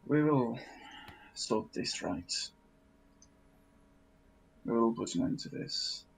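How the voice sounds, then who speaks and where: A man voicing an exiled, homesick adult man in a tabletop game, speaking in a halting, earnest way. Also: medium pitch, huge pitch swings, gravelly, breathy edge, heavily acted, rough recording. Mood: sombre. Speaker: player. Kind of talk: in-character role-play.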